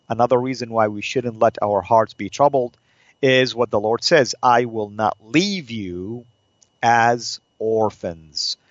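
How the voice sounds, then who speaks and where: A man hosting a Christian teaching show, explaining Bible passages in an earnest, preacherly way, asking rhetorical questions and slowing down to stress key phrases. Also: mid-range voice, no echo, dull audio.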